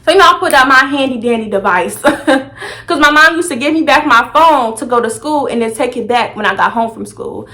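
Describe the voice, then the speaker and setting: A young woman vlogger telling a personal story in a sassy, animated, dramatic way. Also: sits high, fairly quick. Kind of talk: storytime vlog.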